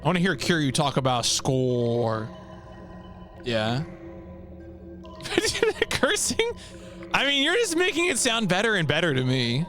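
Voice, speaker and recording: A man streaming a video game, chatting casually with viewers in an animated way and laughing often. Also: fairly high pitch, normal speed, faint music behind.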